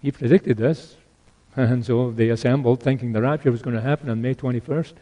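An older man preaches an earnest sermon, repeating key phrases and shifting between loud exhortation and hushed asides. His voice is medium in pitch with fairly even intonation, and he speaks fairly quickly.

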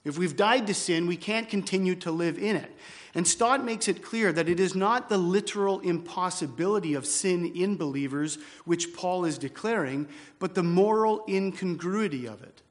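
Emphatic preacher, slightly high voice. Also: male voice. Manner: emphatic, slows down to repeat key phrases. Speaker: pastor. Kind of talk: expository sermon. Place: church.

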